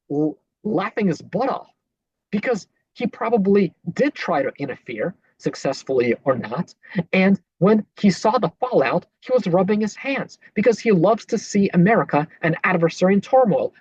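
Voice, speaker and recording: A podcast host talks back at clips with indignant, sarcastic rebuttals. The voice sounds husky and the recording is dull, lo-fi and dry, with no room around it. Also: mid-range voice, expressive, normal speed, darkish tone, no echo. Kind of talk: political commentary over clips.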